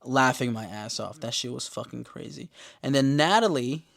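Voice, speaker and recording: Animated man recapping a show, swearing freely. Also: medium pitch, creaky. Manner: animated, profane, acts out characters' lines in quick put-on voices. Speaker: podcast host recapping a TV show. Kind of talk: casual recap chat.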